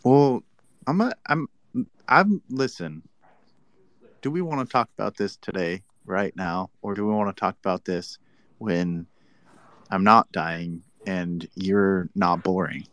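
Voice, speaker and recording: A man's voice: sits low, unhurried, a bit bright, no echo. A man talking crypto in a casual chat, combative and teasing with mock annoyance. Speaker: crypto commentator.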